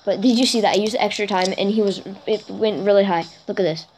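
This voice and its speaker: A woman giving chatty let's play commentary for her gaming channel, getting excited and keeping on apologizing for freaking out. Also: fast talker. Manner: excitable and chatty, jumps to high squeals over goals; self-conscious, keeps apologizing for freaking out.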